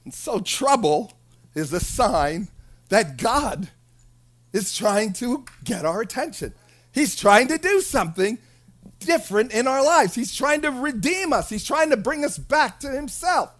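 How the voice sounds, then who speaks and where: A preacher delivering an animated sermon, shouting at times, laughing, and acting out quoted people. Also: medium pitch, unhurried.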